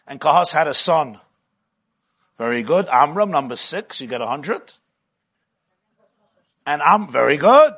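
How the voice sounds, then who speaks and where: A male rabbi teaching a Torah class, speaking a flavor. His husky voice sits fairly high for a man and swings widely in pitch. He grows animated and at times rises to shouting as he tells the story. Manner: animated, rises to shouting when retelling the midrash. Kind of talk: lively Torah lecture.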